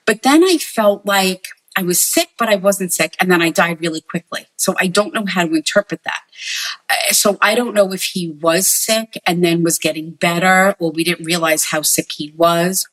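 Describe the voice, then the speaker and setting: A woman with a lowish voice gives a spirit reading to a family. She talks earnestly and repeats herself, relaying messages as quotes. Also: moderate pace, a bit bright, poor audio. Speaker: psychic medium.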